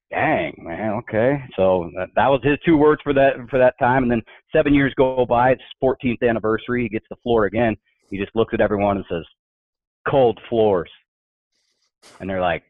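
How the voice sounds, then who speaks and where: Heard on a dry, tinny line that sounds like a phone, a man with a mid-range voice shares workplace humor in casual podcast conversation. He's an animated storyteller who performs the voices in his anecdotes.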